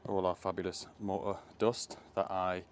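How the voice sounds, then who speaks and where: A low, fairly flat voice at a moderate pace, with slight background noise, belongs to an electrician vlogging his work on a phone camera. Chatty and thinking aloud, he moves between a rainy rooftop outdoors and a loft, at times out of breath.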